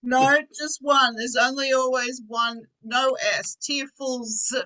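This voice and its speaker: A woman's voice: sits high, fairly even intonation, takes it slowly, sharp tone, low-quality recording. A woman teaching an online English class, patiently explaining words with simple examples.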